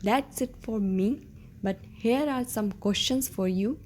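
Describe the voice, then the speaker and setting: A woman teaching a beginner language lesson at a very slow, careful pace. Her voice is mellow and warm, sitting a little high. She is patient and repeats each word, checking in often. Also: a little hiss or hum. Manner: patient, repeats words and asks "okay?". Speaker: French teacher.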